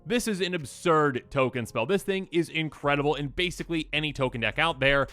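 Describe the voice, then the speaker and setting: A man hosting a casual card review, chatty and enthusiastic, with a slightly hoarse voice. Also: a little high, brisk, bright, forceful tone, no room sound, soft background music. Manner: enthusiastic, chatty, lots of fillers. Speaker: channel host.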